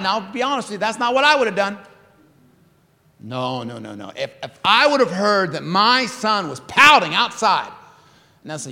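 A high, bright male voice delivers a sermon in a lively, talky way, repeating phrases for effect. There is a gravelly rasp to it. The sound carries a long reverb from a big sanctuary. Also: a little fast. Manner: animated, conversational, repeats phrases. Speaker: pastor.

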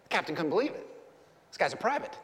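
A male pastor preaching in a fairly high voice, building each point with emphatic, rhythmic repetition. He sounds like a storyteller, and his voice hangs in the long reverb of a large church sanctuary. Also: big pitch swings, fast, fairly bright tone. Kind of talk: sermon.

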